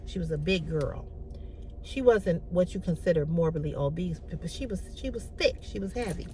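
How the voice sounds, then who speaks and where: A woman's voice: lowish voice, normal speed, slight background noise. Emphatic woman telling a personal story. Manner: animated, emphatic, repeats key lines. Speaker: vlogger.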